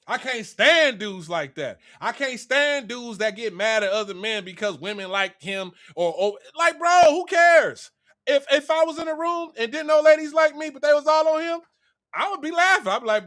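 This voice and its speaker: High, bright-voiced man ranting. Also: normal speed. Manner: animated, preachy, streetwise slang. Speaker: vlogger. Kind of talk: profane motivational rant.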